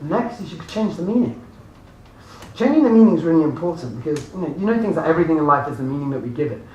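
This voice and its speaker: A man giving a lively motivational seminar talk to a live audience, often laughing and asking the room questions. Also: fairly high pitch, quick pace, lo-fi sound. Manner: animated, laughing, addresses audience directly. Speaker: motivational speaker. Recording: echoey room from far off, faint noise.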